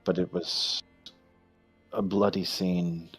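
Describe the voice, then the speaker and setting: A man voicing a solemn monster hunter who reports in a halting, earnest way in a tabletop game. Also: low voice, flat delivery, fairly bright tone, slightly rough, soft background music, heavily acted. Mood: somber.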